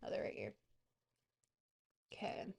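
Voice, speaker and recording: Slow-talking goofy woman streamer. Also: a little mellow. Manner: goofy, rambling, swears freely. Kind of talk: casual livestream chat.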